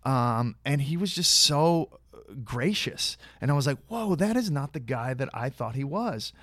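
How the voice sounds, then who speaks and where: With an unhurried pace, lively intonation and a fairly bright mid-range tone, this actor guest tells a long, rambling tale. He restarts a lot and dramatizes the dialogue he quotes, in studio-quality sound with no room reverb.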